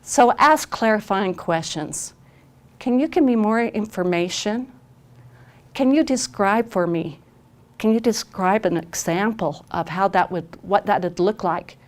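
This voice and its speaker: A woman's voice: medium pitch, measured pace, a little mellow. A woman parent consultant giving an advocacy training presentation on camera. She talks earnestly and emphatically and often repeats phrases for stress. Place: recorded on camera.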